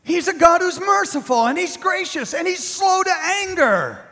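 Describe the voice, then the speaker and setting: Indignant ancient prophets protest in pleading questions, as a preacher puts them on. The voice is high for a man and rings with the long reverb of a large hall. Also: big pitch swings, normal speed, bright, forceful tone, heavily acted.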